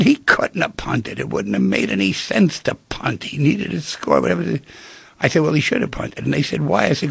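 There's no room sound on this dry studio mic, where a male radio host with a very husky, gravelly voice gives a talk monologue. He tells stories animatedly, impersonating the characters while his pitch swings up and down.

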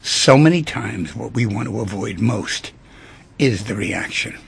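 Gravelly, husky male talk show host. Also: lowish voice, unhurried, no room sound. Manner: emphatic, animated storyteller.

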